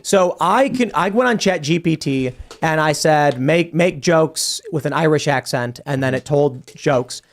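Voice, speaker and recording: This man speaks in a somewhat high register as a casual podcast host. He spins animated anecdotes, acting out quoted exchanges and stammering into restarts when he gets worked up. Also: a little slow, few pauses. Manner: animated anecdote-telling, quoting himself and others.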